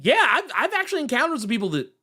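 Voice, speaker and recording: A man hosting a podcast, reading out viewer messages in relaxed casual banter. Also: very high voice, very fast, breathy edge. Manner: relaxed, hesitant with fillers, reads viewer messages. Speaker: podcast host reading chat.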